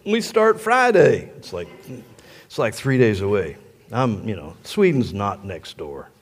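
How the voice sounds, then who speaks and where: An older man, a pastor, telling a story in a sermon in an animated way and laughing along with it. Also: on the low side, measured pace, slightly rough. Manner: animated, laughs through his own story. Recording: long echo of a large hall.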